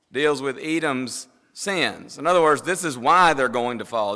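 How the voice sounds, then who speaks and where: A man's voice: mid-range voice, bright, forceful tone. A man with a Southern US accent preaching a sermon, telling a story in a folksy, rambling way and laughing as he goes. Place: church sanctuary. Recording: long reverb of a church hall.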